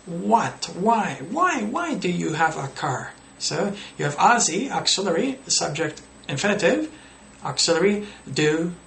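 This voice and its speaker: Brief: male language teacher, relaxed explaining style, gravelly voice, echoey room with faint noise. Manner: explains casually, acts out student errors with pitch jumps. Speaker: English teacher. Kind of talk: teaching tips to camera. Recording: roomy echo with faint noise.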